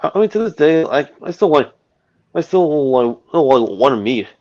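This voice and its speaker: A man in casual chat, talking haltingly and repeating himself with many fillers. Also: on the high side, sing-song, darkish tone, dull audio.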